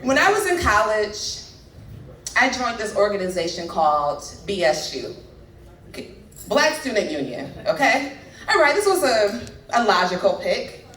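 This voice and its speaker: Animated woman doing stand-up. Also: medium pitch, unhurried, long pauses, slight background noise. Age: 30s. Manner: conversational, teasing the audience. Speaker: stand-up comedian. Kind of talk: stand-up comedy set. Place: comedy club stage. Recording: echoey club from far mic.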